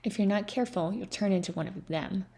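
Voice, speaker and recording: A woman's voice: mid-range voice, fairly quick, creaky, darkish tone, natural voice. Woman reading as a stern old grandmother. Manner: scolding, firm warning.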